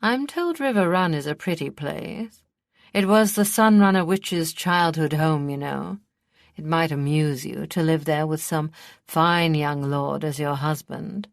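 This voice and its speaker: A woman narrator voicing a scheming older High Prince who speaks gruffly and with cunning. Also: a little slow, dry recording, studio quality.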